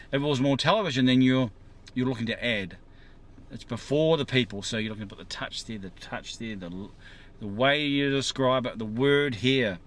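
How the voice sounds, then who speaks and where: A man's voice: medium pitch, a bit bright. Man musing aloud from a parked car. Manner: musing, rambling, asks viewers questions. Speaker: vlogger. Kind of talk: casual monologue to camera.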